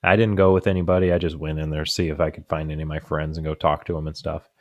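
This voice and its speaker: Talking very fast with a flat delivery, a young podcast co-host has a very deep, darkish voice. His casual chat is rambling stories with many fillers and restarts, and he often laughs at his own punchlines. The recording is muffled, with no room sound.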